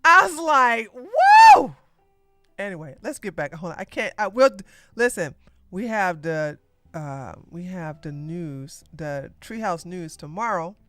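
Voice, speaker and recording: A woman hosting a live-streamed political podcast, talking in an excitable, theatrical way and laughing often. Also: fairly low pitch, a little slow, faint music behind. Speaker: podcast host.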